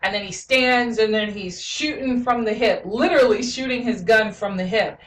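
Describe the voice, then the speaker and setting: A woman's voice: on the high side, moderate pace, a bit bright. A woman giving a casual movie review and retelling scenes with lots of "you know" fillers. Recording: roomy echo, mic at a distance.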